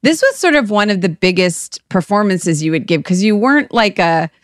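A woman co-hosting a casual chat, talkative and quick to laugh, often breaking off with apologies and asides. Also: mid-range voice, lively intonation, dry recording, clean studio sound. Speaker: podcast co-host.

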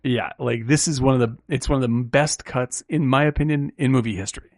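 A man's voice: medium pitch, brisk, dry recording, studio quality. A man hosting a film podcast, talking casually and at length, full of "like" and "right?" fillers, with casual swearing.

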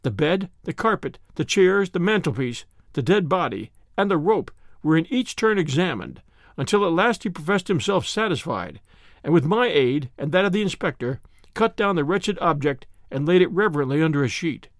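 A man narrating a story in the first person, expressive and storytelling. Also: fairly high pitch, normal speed, dry recording, clean studio sound. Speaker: audiobook narrator.

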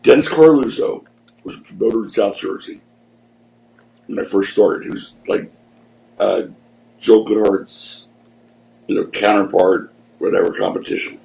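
A man's voice: on the low side, a little slow, creaky, pauses often, darkish tone, rough recording. A man who was a wrestling promoter, telling rambling stories as a guest in a casual interview. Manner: rambling, conversational storyteller. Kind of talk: anecdotal storytelling in a casual interview.

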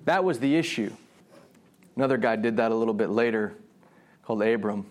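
A man preaching a sermon, animated, often restarting his phrases and acting out voices in the story. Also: a little fast. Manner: animated, acts out God's voice with rising pitch; frequent restarts and repeated words.

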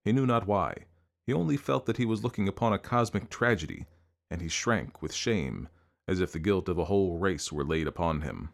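Man, very deep voice, audiobook narration, measured, expressive. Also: vocal fry.

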